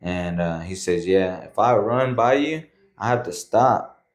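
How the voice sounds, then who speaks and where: Deep-voiced man telling a casual story. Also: measured pace. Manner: loose and conversational, filler words and frequent "man" and "bro". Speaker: podcast guest.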